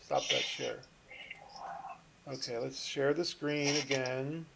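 A man's voice: medium pitch, steady tone, slow pace, vocal fry, noisy background. A middle-aged man teaching a finance class online over a video call, chatty and rambling, often stopping and restarting with fillers. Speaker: finance professor. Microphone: computer mic on a video call.

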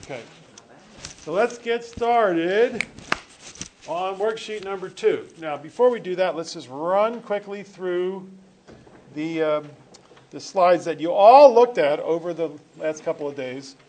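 A man's voice: fairly high pitch, measured pace, warm tone, slight background noise. A male teacher giving a classroom lecture, joking with students and correcting himself as he rambles.

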